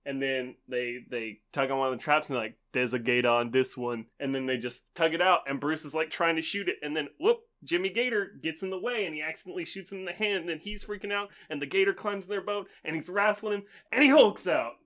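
Bright, higher man spinning tales. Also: fast, few pauses. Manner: rambling storyteller who swears freely. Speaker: podcast co-host. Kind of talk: casual chat.

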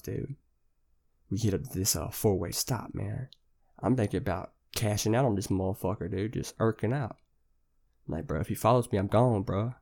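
A man's voice: on the low side, vocal fry, darkish tone. A young man hosting a podcast, telling a rambling story in casual, slang-heavy, profane talk. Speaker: podcast host.

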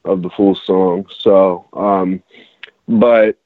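A man's voice: sits low, fairly even intonation, extremely slow, no echo, narrow, tinny audio. A man on a casual podcast, a rapper explaining his new song in a rambling way with many restarts. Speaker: rapper and songwriter guest.

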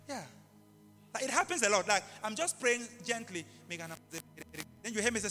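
A man preaching a live sermon in an impassioned way, repeating key phrases and bursting into shouts. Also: very high voice, animated, normal speed. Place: large church hall. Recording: live hall reverb with faint music.

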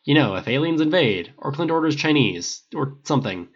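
A man voicing a brash, sarcastic man who talks bluntly and profanely, with a gravelly, husky voice on a dull recording. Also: fairly high pitch, animated, normal speed, voice pushed up.

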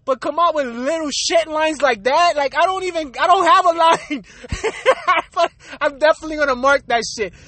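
Young man, casual profane rant, very high bright voice, dry close sound. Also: normal speed, no echo. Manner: blunt, profane, laughing often.

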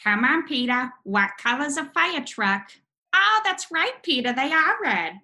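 A woman's voice: high voice, very animated, measured pace, pushed and bright, full character voice. A woman doing an impression of a cartoon housewife scolding her husband.

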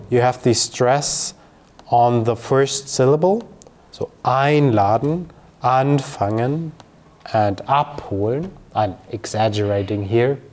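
Slow, patient male language tutor. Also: fairly low pitch, darkish tone. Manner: slow, patient, with fillers and careful pronunciation examples. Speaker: German teacher. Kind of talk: explaining grammar to a learner.

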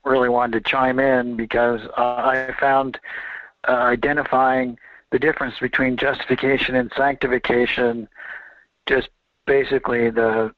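A man's voice: medium pitch, little pitch movement, no echo. Earnest male caller on a tinny phone line. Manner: earnest, halting with fillers. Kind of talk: phone-in chat.

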